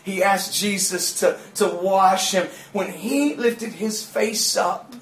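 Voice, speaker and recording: Preacher guy, high voice, gets loud telling stories, echoey church. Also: takes it slowly, a little hiss or hum. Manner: animated storytelling, acting out quotes and shouting at peaks. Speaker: pastor. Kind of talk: sermon. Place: church sanctuary. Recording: roomy church echo.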